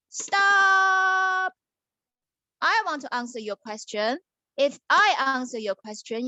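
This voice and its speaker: A woman's voice: sits high, fairly bright tone, no echo. A woman voicing a brave young prince in a puppet story for a child, earnest and exclaiming.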